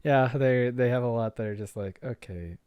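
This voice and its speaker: A man's voice: medium pitch, fairly even intonation, a little fast, lo-fi sound, a loud crowd. A man co-hosting a casual podcast, rambling and joking with frequent laughter. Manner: laughs often, rambling and jokey. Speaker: podcast co-host and streamer. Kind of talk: casual chat.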